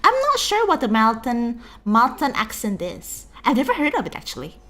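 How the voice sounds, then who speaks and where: Giggly Indonesian woman streamer, bright. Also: fairly high pitch, wildly swooping pitch, normal speed, faint music behind. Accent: Indonesian English with a touch of Singlish. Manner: chatty, giggly, lots of fillers. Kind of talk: casual chat.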